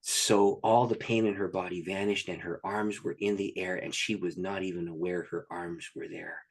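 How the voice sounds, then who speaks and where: Man, pastor, guest, husky voice, lively excited storytelling. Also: low voice, normal speed. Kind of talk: storytelling in an interview.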